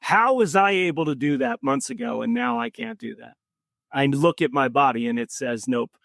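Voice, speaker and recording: A man being interviewed on a podcast, telling a personal story in an earnest, reflective way with many pauses. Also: on the high side, vocal fry, no room sound. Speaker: podcast guest.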